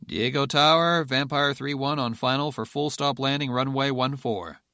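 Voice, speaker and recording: A man voicing a stubborn male Air Force general who talks in calm, clipped, determined phrases. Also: mid-range voice, normal speed, no echo, clean studio sound.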